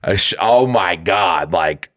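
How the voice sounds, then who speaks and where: A man in his thirties co-hosting a podcast, telling stories in a casual, profane, animated way. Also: low-pitched, slow, no echo, studio quality. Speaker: podcast co-host.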